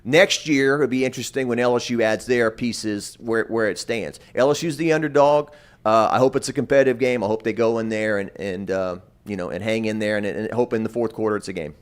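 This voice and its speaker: Male sports reporter, relaxed stop-start rambling chat. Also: on the low side, brisk, clean tone. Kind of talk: casual sports radio chat.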